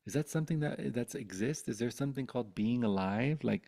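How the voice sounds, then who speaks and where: A man in his thirties telling his life story with candid, animated feeling, swearing freely and often restarting his sentences. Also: medium pitch, a little fast, gravelly.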